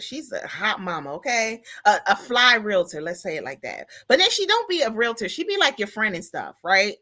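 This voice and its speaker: Lively, bright-voiced woman telling a story. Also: mid-range voice, normal speed, few pauses. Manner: animated storytelling, talks back to the audience with "y'all" and "girl". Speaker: podcast host. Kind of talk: casual chat.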